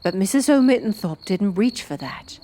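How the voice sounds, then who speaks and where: A woman narrating a fantasy audiobook with an expressive storytelling delivery. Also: medium pitch, moderate pace, a little hiss or hum. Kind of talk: scripted narration.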